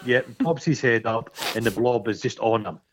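A man's voice: mid-range voice, a little hiss or hum. A man co-hosting a casual film-review chat, swearing and joking as he acts out bits of scenes. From Scotland. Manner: sweary, jokey, acts out scenes in quick impressions. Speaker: podcast co-host. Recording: slightly dull lo-fi sound.

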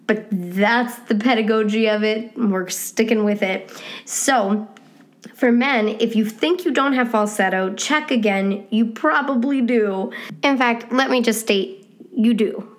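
Chatty woman teaching singing, encouraging. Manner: chatty, encouraging, demonstrates sounds with sudden high hoots. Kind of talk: casual podcast lesson.

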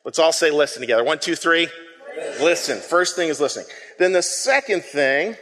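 Playful and self-deprecating, a pastor invites his congregation to repeat words after him during a call-and-response sermon. He talks a little fast, with lively intonation and a slightly high, fairly bright voice that echoes through the long reverb of the church.

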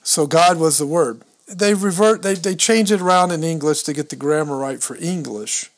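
On a podcast, a man with a fairly high voice explains scripture step by step at a moderate pace. He reads the verses and Greek words out loud, stumbles on pronouncing them, and thinks aloud while leafing through his books.

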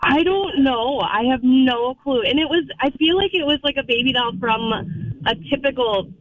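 A man's voice: very high voice, normal speed. A male caller telling a story over the phone in a giggly, rambling way. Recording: muffled phone line with faint hiss.

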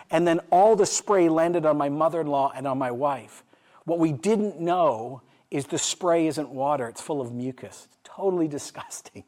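A man's voice: on the high side, brisk, a little mellow. A middle-aged man preaching a sermon, asking his listeners questions and telling a story, building to emphatic peaks. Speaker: pastor.

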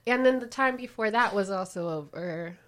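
A woman's voice: medium pitch, moderate pace, fairly bright tone. A woman in casual chat who laughs often and swears freely while telling stories about her partner. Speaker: podcast co-host's partner.

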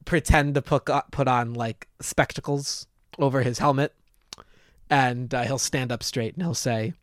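A man taking part in a tabletop role-playing game, talking in an amused, deliberate way. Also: medium pitch, fairly even intonation, no room sound, studio quality. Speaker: player.

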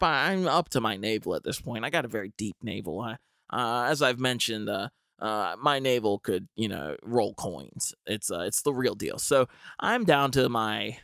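A man's voice: lowish voice, animated, moderate pace, creaky, a bit bright, no room sound, clean studio sound. A young man telling a comic story with wry, rambling asides. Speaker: comedian. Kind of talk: storytelling comedy monologue.

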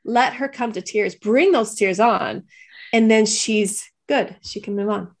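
A woman's voice: mid-range voice, measured pace. Thoughtful woman co-hosting a parenting podcast. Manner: thoughtful, sharing personal parenting stories. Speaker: podcast co-host. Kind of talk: casual panel discussion.

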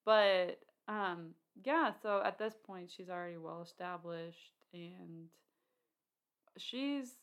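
A woman talking films in a relaxed back-and-forth, her voice sitting a little low. She rambles and restarts her sentences, with plenty of fillers. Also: takes it slowly. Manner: chatty, many fillers and restarts. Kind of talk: casual film discussion.

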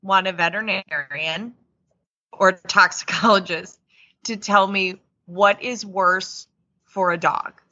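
Podcast co-host, woman, bright tone, playful and chatty, lo-fi mic. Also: mid-range voice, steady tone, takes it slowly. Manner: musing, playful, full of hypotheticals. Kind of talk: casual chat.

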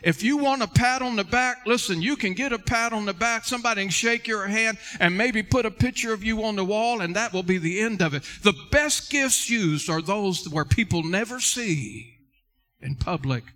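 Man, pastor, preaching sermon, fairly high-pitched, earnest, repeats words for emphasis. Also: moderate pace, pushed and bright. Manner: addresses listeners directly, repeating key words.

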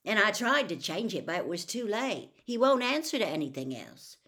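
A woman's voice: mid-range voice, big pitch swings, normal speed, fairly bright tone, voice pushed up. A woman voicing a grumbling, sarcastic teenage boy wizard in a storybook reading.

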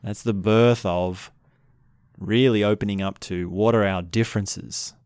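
A man calmly teaching about relationships in an unhurried, reflective way, sometimes acting out what couples say. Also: on the low side, smooth, no room sound, clean studio sound. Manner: calm, unhurried, acts out quoted couples.

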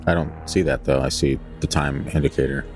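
Deep-voiced man reading aloud on a podcast. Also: steady tone, fairly quick, over music. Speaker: podcast co-host reading a flight log aloud. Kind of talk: casual podcast chat with dramatic reading.

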